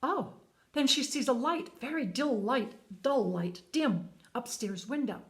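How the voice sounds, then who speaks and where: Earnest woman telling a story, higher voice. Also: lively intonation, measured pace. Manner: earnest, plain retelling with frequent repeats. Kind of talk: spoken storytelling monologue.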